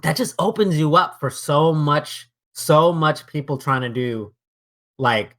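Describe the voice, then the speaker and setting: A young man co-hosting a casual podcast, talking in an animated, profane way and acting out quotes. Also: fairly high pitch, moderate pace. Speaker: podcast co-host. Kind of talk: casual chat.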